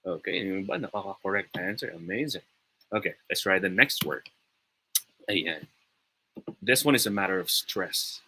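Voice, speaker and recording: A man's voice: deep voice, lively intonation, moderate pace, pauses often, pushed and bright, a little hiss or hum, low-quality recording. A young man with a Filipino accent, teaching an upbeat and encouraging online pronunciation lesson, often slipping into Tagalog. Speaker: online tutor.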